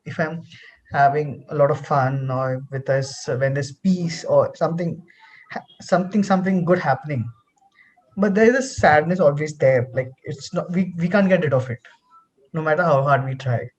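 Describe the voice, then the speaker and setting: A participant telling a personal reflection in a casual group conversation, halting with many ums. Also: medium pitch, muffled recording. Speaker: panel participant.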